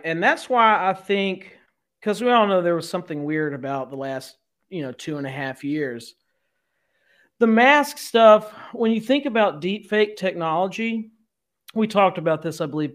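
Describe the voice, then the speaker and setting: Guy cohosting a podcast, kinda high voice, animated, swears a lot, laughs easy. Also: moderate pace. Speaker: podcast co-host. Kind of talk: casual chat.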